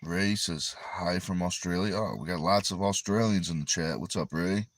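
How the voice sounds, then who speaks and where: A man's voice: sits low, moderate pace. A man from Connecticut with a New England accent, hosting a livestream and reading viewer comments aloud in an easygoing, rambling way. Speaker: arm wrestler and livestream host.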